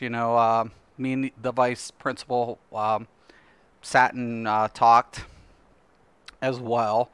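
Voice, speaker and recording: A man's voice: medium pitch, bright, forceful tone, smooth, dry recording. A middle-aged man streaming a game, chatting casually and rambling with lots of "you know" fillers. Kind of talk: casual chat while gaming on stream.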